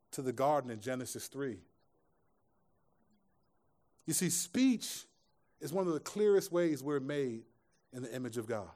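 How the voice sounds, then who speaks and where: A man's voice: mid-range voice, lively intonation, a little slow, pauses often, a little mellow. A man pastor giving a sermon to a live congregation in a conversational style, mixing scripture with jokes and asides. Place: church room with a live audience.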